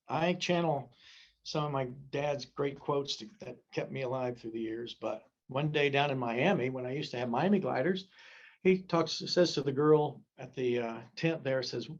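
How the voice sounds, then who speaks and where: An older man in his seventies gives a safety talk, moving between rules and folksy, joking stories. His voice sits at a middle pitch, and the recording sounds dull and lo-fi. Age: 70s. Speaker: gliding safety speaker.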